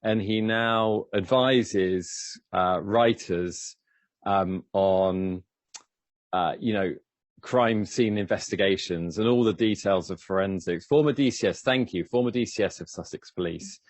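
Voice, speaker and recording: Uk guy co-hosting a stream, lowish voice, halting, dry close sound. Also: no echo. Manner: hesitant, many fillers and restarts. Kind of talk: livestream interview.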